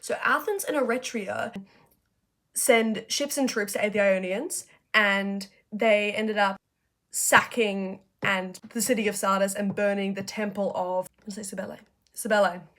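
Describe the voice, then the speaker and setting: A woman's voice: medium pitch, fairly even intonation, fairly bright tone. A young woman casually retelling history in a slangy, profane, chatty way, hosting a video essay. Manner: profane, chatty, acts out figures in quick asides.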